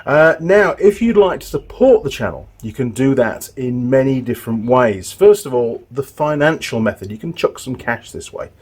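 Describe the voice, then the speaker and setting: A medium-pitched, slightly mellow, animated male voice moves at a moderate pace with few pauses. This middle-aged mechanic hosts a casual workshop tutorial on motorbike repair, talking loosely with restarts and side comments.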